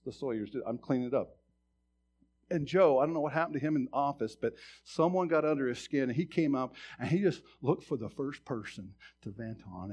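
A man in his fifties preaching a sermon, telling a personal story in a conversational way, often restarting words and swinging from loud preaching to quiet asides. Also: medium pitch, slightly rough. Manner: stammering restarts. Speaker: pastor.

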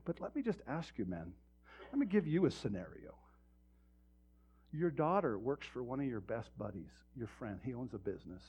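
Speaking at normal speed in a mid-range, darkish, husky voice, this pastor is very animated as he addresses the congregation with rhetorical questions. The sermon, delivered in a church sanctuary, was captured on a muffled, lo-fi recording.

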